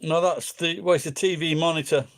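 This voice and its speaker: A man's voice: fairly high pitch, fairly even intonation, a little fast, fairly bright tone. A middle-aged man rambling casually, swearing freely and drifting between thoughts. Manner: crude, swears freely, meandering. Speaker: vlogger.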